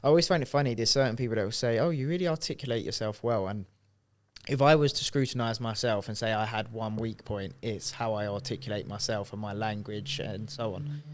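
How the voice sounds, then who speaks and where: A man co-hosting a podcast, talking in a relaxed, rambling way with restarts. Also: fairly low pitch. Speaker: podcast co-host. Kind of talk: casual podcast chat.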